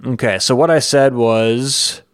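A man co-hosting a podcast, telling a story in a playful, animated way with quick asides. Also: mid-range voice, smooth, dry recording, clean studio sound. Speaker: podcast co-host. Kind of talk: casual chat.

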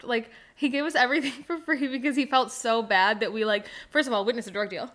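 A young woman with a somewhat high voice tells a story in casual conversation. She laughs often as she talks and leans on "like" as a filler. She sounds like a relaxed podcast host. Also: quick pace. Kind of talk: casual chat.

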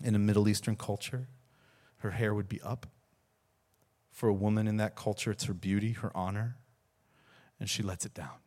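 A man's voice: lowish voice, fairly even intonation, normal speed, a little mellow. A man, a pastor, preaching a sermon, telling a story earnestly with repeated words and rising emphasis.

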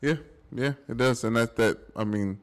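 A man's voice: medium pitch, normal speed. A man co-hosting a podcast, talking in an easygoing, reflective casual chat. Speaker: podcast co-host.

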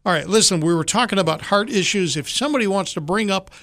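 A man co-hosting a radio show, chatting casually and chiming in with quick remarks. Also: high voice, a bit bright, dry recording, clean studio sound. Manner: quick interjections, conversational. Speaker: radio co-host.

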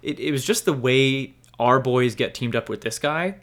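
Relaxed man in casual podcast chat. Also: medium pitch, normal speed. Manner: relaxed, hedging, casual swearing. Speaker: podcast co-host.

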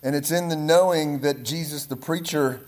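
A man with a Pittsburgh accent preaching to a leadership group, energetic and repetitive, often checking in with his listeners. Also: fairly high pitch, normal speed. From Pittsburgh area, Pennsylvania. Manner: energetic, repeats words, checks in with "right?" and "amen?". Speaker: guest preacher. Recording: echoey room with audience responses. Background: audience responses.

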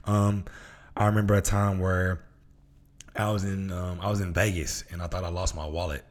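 A man's voice: sits low, flat delivery, normal speed. A man from Memphis, hosting a casual motivational podcast monologue in a laid-back, slangy way. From Memphis, Tennessee. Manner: laid-back, slangy, acts out voices in stories. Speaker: podcast host.

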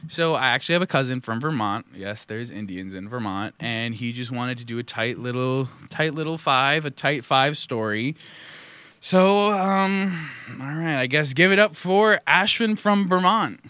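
A man's voice: medium pitch, lively intonation, normal speed, bright, forceful tone, clean tone, no echo. Man hosting a casual comedy podcast. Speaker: podcast host.

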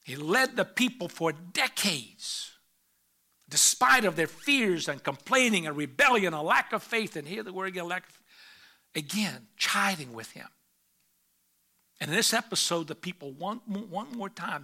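Bright high-voiced preaching man. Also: expressive, measured pace. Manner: preaching with sudden loud rises and quiet asides; reads scripture aloud in old English. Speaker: pastor. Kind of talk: sermon.

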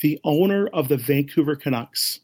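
He's a middle-aged ministry leader with a slightly high voice, speaking at a moderate pace. As an interview guest, he tells a spirited story, mimicking others' voices and laughing often.

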